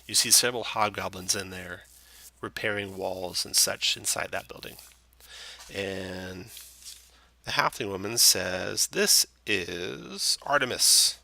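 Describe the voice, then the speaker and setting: Man, dungeon master, relaxed narration, low voice, gravelly, dry close sound. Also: a little slow, no room sound. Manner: relaxed, with frequent fillers. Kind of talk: narrating a tabletop game.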